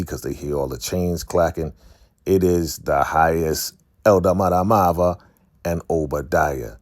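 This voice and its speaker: A man giving a casual recap of a TV episode, retelling scenes in an animated way and briefly acting out characters' lines. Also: very deep voice, a little slow, no room sound, clean studio sound. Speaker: TV recap host.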